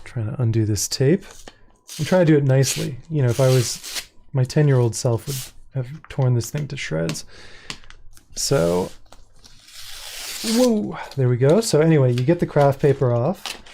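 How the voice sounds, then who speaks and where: A man talks through a product launch in a loose, chatty way, amused by his own asides. His voice has a mellow, soft tone. He thinks out loud as he goes. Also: medium pitch, animated, a little slow, creaky, long pauses, slight background noise. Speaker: independent publisher and host. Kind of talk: casual livestream product launch.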